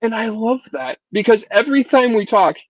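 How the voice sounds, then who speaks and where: High voiced guy thinking out loud as a podcast guest, muffled dry audio. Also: moderate pace, dry recording. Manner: reflective, repeats words as he thinks. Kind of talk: casual conversation.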